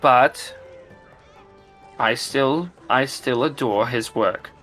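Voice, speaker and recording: A man's voice: mid-range voice, drawn-out words, pushed and bright, faint music behind. A man voicing a haughty, bossy woman archaeologist who speaks curtly and gives orders. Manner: curt, commanding.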